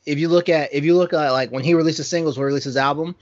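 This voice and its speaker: A man's voice: fairly high pitch, fairly even intonation, fast talker, dry recording, muffled recording. A man chatting casually, hesitant and full of restarts, laughing easily. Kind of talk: casual podcast chat.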